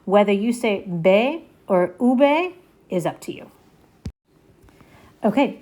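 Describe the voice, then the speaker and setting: Woman, patient language teacher, slow and measured, mid-pitched, runs repeat-after-me drills. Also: warm tone. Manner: patient, encouraging, checks in often. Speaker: Spanish teacher.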